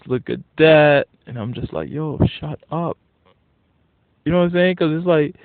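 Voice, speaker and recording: A man with a slightly high voice and no room sound rants casually as a vlogger in a monologue. Blunt and profane, he becomes animated when worked up, and the audio is dry, thin, and tinny, like a lo-fi phone recording.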